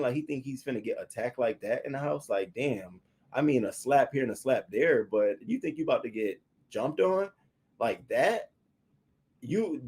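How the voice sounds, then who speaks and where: A man reviewing a reality show in casual, profane commentary, answering viewers' comments and acting out what he would have said. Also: slightly rough. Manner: animated, profane, talks back to viewers' comments; acts out quoted lines in a higher, louder voice.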